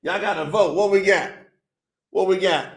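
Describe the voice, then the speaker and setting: A man's voice: high voice, normal speed, echoey room. An upbeat man hosting a casual livestream, chatting with viewers and reading their comments aloud. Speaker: livestream host.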